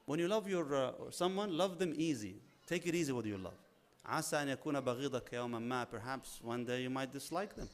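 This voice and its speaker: A man preaching a sermon, animated, acting out little dialogues and mixing in Arabic religious phrases. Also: mid-range voice, racing. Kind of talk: sermon on marriage.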